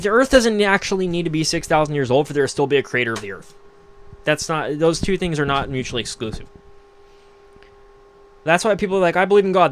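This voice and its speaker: A young man hosting a livestream, ranting casually to his chat in a mocking, profane, rambling way. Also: on the high side. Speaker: livestream host. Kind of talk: casual rant to live chat.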